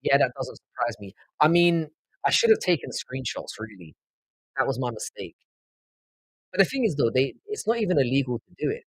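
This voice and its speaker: A man's voice: mid-range voice, big pitch swings, fairly quick, husky, no echo, low-quality recording. A man from London with a South London accent, hosting a casual live stream and trading rambling, profane banter with his chat. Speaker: livestream host.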